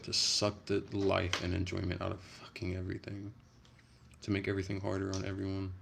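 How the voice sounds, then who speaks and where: A man's voice: deep voice, completely flat delivery, fairly quick, creaky, fairly bright tone, a little hiss or hum. A man chatting casually on a livestream, rambling and profane, with frequent restarts.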